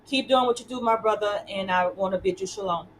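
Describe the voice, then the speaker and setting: A woman's voice: medium pitch, fairly quick, a little hiss or hum, rough recording. A woman hosting an interview show, talking conversationally and repeating words as she builds her points. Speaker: host.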